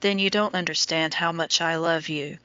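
A woman's voice: deep voice, fairly even intonation, normal speed, bright, forceful tone, clean tone, no echo. A woman reading an intense lovesick young man. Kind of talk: audiobook dialogue reading. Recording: dull lo-fi audio.

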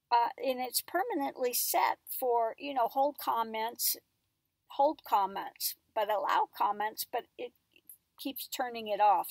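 A woman tarot reader rambles casually at home and coos to her dog in between. Her voice sits a bit high and has a gravelly edge. The sound is dry and close. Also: no echo. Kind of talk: casual chat.

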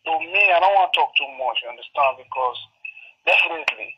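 A man's voice: on the high side, quick pace, slightly rough, muffled recording. A man from Edo State in Nigeria, with a Nigerian accent, calling in to a live video and pressing his point with repeated checks that he is understood. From Benin City, Edo State, Nigeria. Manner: insistent, keeps asking "you understand?". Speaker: caller. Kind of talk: phone-in opinion on a live video.

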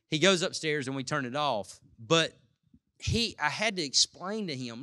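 Bright-voiced pastor, casual and rambling. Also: male voice, on the high side, expressive, moderate pace, no room sound, clean studio sound. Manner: casual, storytelling with many restarts. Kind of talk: conversational sermon.

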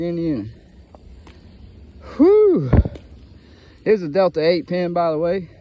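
A man from Ohio vlogs a casual, profane, meandering monologue, tired and a little winded from walking a bicycle uphill. His voice is on the high side, and the recording has its highs cut off.

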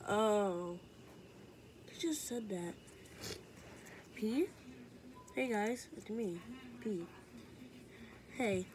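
Slow woman voicing a noisy homemade story. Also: mid-range voice. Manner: switches between many character voices, wailing shrieked cries. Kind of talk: one-voice homemade character story.

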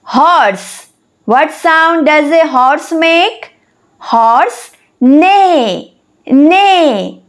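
A woman narrating a children's lesson, speaking slowly and deliberately and spelling words out letter by letter. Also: high voice, lively intonation. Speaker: teacher.

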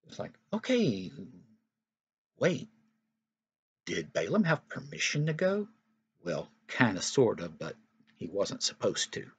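A man's voice: medium pitch, huge pitch swings, takes it slowly, long pauses, husky, dry recording, highs cut off. A man teaching Sunday school, telling a Bible story to young children in a casual, conversational way. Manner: casual and conversational, often begins with "well".

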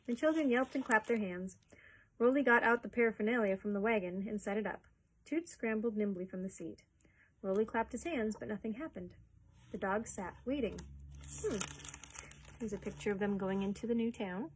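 A woman librarian reading a chapter book aloud for story time, gently pausing to comment on the pictures. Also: mid-range voice, husky, poor audio. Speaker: children's librarian.

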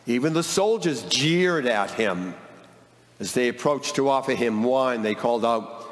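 A priest leading a mass, explaining the gospel slowly and gently to children. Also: male voice, medium pitch, animated. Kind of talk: mass with gospel reading and teaching. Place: church. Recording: long church reverb with music.

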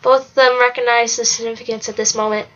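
A woman's voice: on the high side, fast talker, muffled recording. Woman reading a novel aloud. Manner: steady reading with occasional slips and self-corrections. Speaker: narrator.

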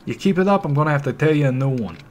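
A man voicing a brash, loudmouthed male street thug with a put-on tough-guy drawl. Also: mid-range voice, expressive, moderate pace, slight background noise, lightly acted. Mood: hostile.

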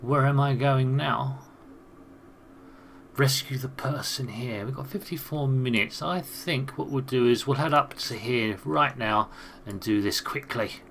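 A man's voice: mid-range voice, measured pace, fairly bright tone, a little hiss or hum. A British man giving casual let's-play commentary, chatting and thinking aloud as he plays and reading game text aloud. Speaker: gaming channel host.

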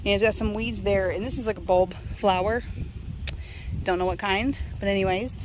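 An upbeat woman talks her way through a casual vlog of her garden, naming plants as she goes. Her voice sits at an ordinary mid pitch. Faint outdoor noise hums behind her. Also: fairly even intonation, moderate pace. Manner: chatty, enthusiastic, lists plants as she goes. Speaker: gardening vlogger. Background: faint wind and outdoor noise.

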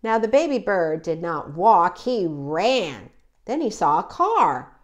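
A woman reading a children's picture book aloud, with an expressive, animated delivery. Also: on the low side, slow pace, highs cut off. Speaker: children's story reader. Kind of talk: read-aloud storytelling.

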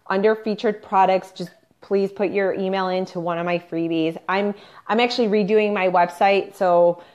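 A woman business coach on an unscripted live stream, chatty and pushy, peppering her talk with "like" and "you guys". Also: mid-range voice. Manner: upbeat and pushy, coaching the viewers directly. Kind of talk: unscripted Facebook live training. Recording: slightly dull lo-fi livestream audio.

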